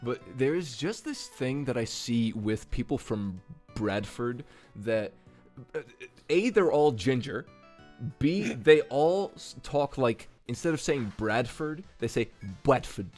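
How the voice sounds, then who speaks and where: A man's voice: mid-range voice, lively intonation, takes it slowly, a little mellow, soft background music. A man co-hosting a podcast, trading laughing, teasing banter. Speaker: podcast co-host. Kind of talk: casual chat.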